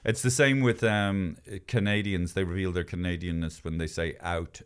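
A man's voice: low voice, fairly even intonation, normal speed, smooth. A man hosting a podcast, rambling in casual chat with stammering restarts and playful impressions. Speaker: podcast host.

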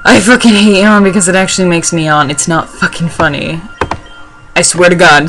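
A woman's voice: on the low side, fairly even intonation, unhurried, noisy background. A young woman rambling through casual gameplay commentary, swearing and joking. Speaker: let's play gamer.

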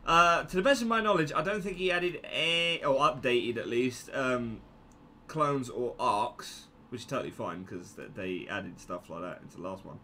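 Excitable man with a bright voice. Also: mid-range voice, moderate pace, slight background noise. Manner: excitable, yelping and joking at the game. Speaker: gameplay commentator. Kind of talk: casual gameplay commentary.

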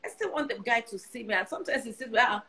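A woman's voice: on the high side, expressive, quick pace, pushed and bright, poor audio. A Nigerian woman in her sixties giving earnest advice in casual conversation, often repeating herself for emphasis. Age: 60s. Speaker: guest.

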